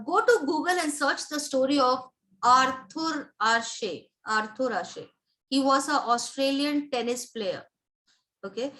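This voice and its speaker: A woman's voice: high-pitched, sharp tone, rough recording. A woman leading a live motivational training session as a life coach, emphatic, repeating her key points and checking in with her listeners.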